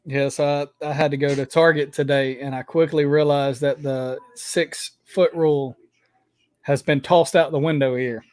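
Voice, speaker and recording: A man co-hosts a podcast, throwing in teasing jokes and quick comebacks. His voice sits a little higher than most men's. The sound is close-miked and dry. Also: steady tone, no echo. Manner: joking, teasing banter. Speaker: podcast co-host. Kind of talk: casual chat.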